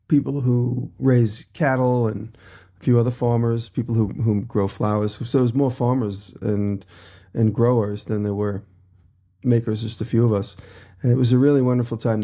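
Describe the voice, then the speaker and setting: Run-down man with a mellow voice. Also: medium pitch. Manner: quick travel recap, listing one event after another. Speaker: podcast co-host. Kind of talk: casual chat.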